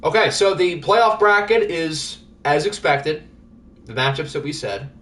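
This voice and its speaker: A man's voice: fairly high pitch, expressive, unhurried, fairly bright tone. A man hosting a live stream of a simulated football league, chatting casually and joking as he goes over results. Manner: chatty, joking, thinks aloud. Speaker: livestream host. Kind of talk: casual sports sim commentary.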